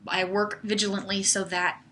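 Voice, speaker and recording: A young woman hosts a casual livestream, fielding viewer questions in a chatty style packed with "like" and "um." Her mid-range voice is level in tone, pushed and bright, at a normal speed. There's a little hiss or hum in the recording.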